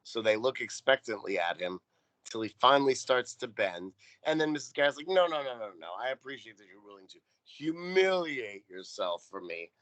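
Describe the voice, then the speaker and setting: A man's voice: medium pitch, very animated, normal speed, fairly bright tone, no room sound. Wry man giving a dry recap. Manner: wry, profane play-by-play. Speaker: podcast co-host. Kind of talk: casual recap chat.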